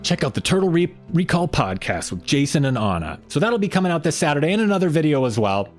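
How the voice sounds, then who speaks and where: A man's voice: fairly high pitch, big pitch swings, fast, faint music behind. A man hosting a casual weekly livestream, rambling loosely and greeting viewers in the chat by name. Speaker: livestream host.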